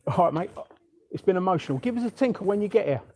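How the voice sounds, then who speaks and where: A man's voice: high-pitched, expressive, fast, darkish tone, poor audio. A man filming himself outdoors and bluntly confronting council staff in a chatty, assertive way. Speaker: activist filming a council meeting. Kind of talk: handheld confrontational vlog. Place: outdoors outside a council building.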